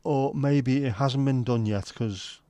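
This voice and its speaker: A man's voice: mid-range voice, slow, dark tone, no room sound. A man hosting a livestream, chatting casually with his viewers in banter full of swearing. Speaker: livestream host. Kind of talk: casual chat with live viewers.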